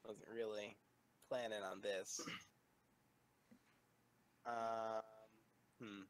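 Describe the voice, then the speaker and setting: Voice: mid-range voice, level tone, drawn-out words, clear, resonant tone, low-quality recording. A tabletop game player who talks in a hesitant, rambling way. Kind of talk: casual tabletop game chat.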